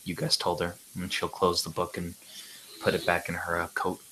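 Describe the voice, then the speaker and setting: A man playing a tabletop game, narrating his character's actions in a halting, chatty way. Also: low voice, completely flat delivery, pushed and bright, slight background noise, low-quality recording. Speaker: player.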